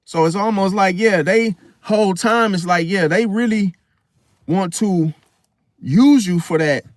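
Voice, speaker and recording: A man's voice: high-pitched, unhurried, no echo, studio quality. A man hosting an astrology video, talking casually to camera in a rambling, slangy way with many restarts.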